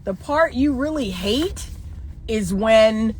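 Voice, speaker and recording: A woman's voice: on the high side, animated, takes it slowly, slight background noise. A middle-aged woman, a relationship coach, talking to camera in a blunt, emphatic, lecturing way and hammering points home with repeated rhetorical questions. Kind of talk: opinionated monologue to camera.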